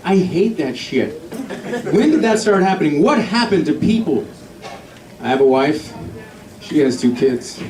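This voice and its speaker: A middle-aged comic tells a family story in his stand-up set, acting out each person's voice while the club audience laughs. He speaks fairly high and sing-song, a little slow and slightly mellow, with long pauses, and he's far from the mic in a roomy live recording with crowd laughter.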